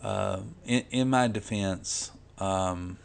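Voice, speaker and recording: A man's voice: lowish voice, slow, gravelly, clear, resonant tone. A man who makes comics, talking casually and rambling while he colors, with lots of "you know" and restarts. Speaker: comic artist vlogger.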